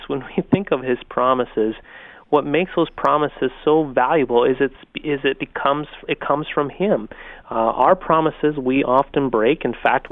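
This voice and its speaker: A man's voice: mid-range voice, dry recording. A man, a pastor, earnestly explaining his faith on a radio talk show. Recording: tinny phone-like radio line.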